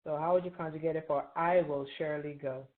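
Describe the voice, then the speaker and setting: A woman's voice: sits low, fairly even intonation, quick pace. A woman teaching an Arabic grammar review, patiently quizzing students and checking in with frequent "right?". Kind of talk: classroom review lesson. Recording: tinny phone-like online call.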